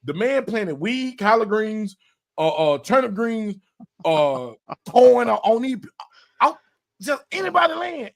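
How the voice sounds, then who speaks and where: A man, hosting a casual podcast and telling an animated story, repeating words and swearing as he acts out quotes. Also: extremely high pitch, a little slow, creaky. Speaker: podcast host.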